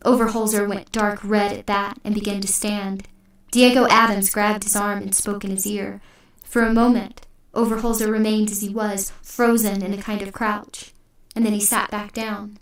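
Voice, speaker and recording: A woman reading an audiobook in a measured, steady narration. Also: mid-range voice. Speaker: audiobook reader. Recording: echoey room, distant mic.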